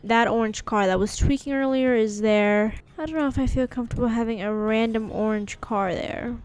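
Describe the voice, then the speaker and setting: Excitable woman gamer, high voice. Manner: excitable, exclaims and rambles. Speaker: gaming channel host. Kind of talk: casual gameplay commentary.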